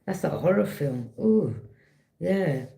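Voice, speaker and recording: A woman giving a casual, chatty tarot reading, often checking in with a quick "yeah?". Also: lowish voice, expressive, gravelly, dark tone. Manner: chatty, repeats herself, frequent "yeah?" check-ins. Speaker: tarot reader. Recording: roomy echo.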